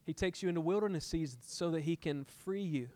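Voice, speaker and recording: A man's voice: a little high, fairly quick, mellow, no room sound. A middle-aged man preaching a sermon as pastor, telling a personal story and acting out his arguments with God, building to impassioned peaks.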